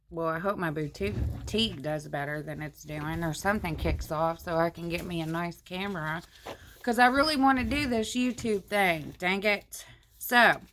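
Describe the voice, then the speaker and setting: A woman's voice: on the low side, a bit bright, slight background noise. A woman vlogger reading a marriage book aloud into her phone and breaking off to comment in a plainspoken, homey way. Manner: plainspoken, homey, slows down on the read passages.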